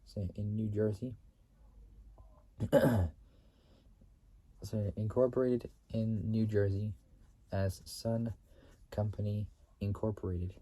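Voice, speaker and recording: Man, halting read-aloud, repeats himself, very dark mellow tone, throat clearing. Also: fairly low pitch, fairly even intonation. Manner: stumbling reader who repeats and restates phrases. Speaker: channel host reading company history.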